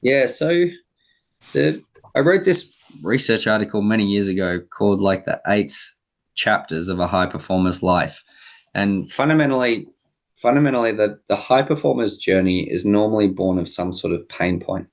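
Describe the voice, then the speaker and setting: Gravelly low-voiced male coach. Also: expressive, normal speed. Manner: reflective, explanatory, many fillers. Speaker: guest, high-performance coach. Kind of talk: podcast interview.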